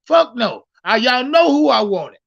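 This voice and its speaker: High, bright-voiced man streaming sports talk. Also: unhurried, gravelly, lo-fi sound. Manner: animated, profane, repeats words when starting thoughts. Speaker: livestream sports host. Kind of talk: casual livestream commentary.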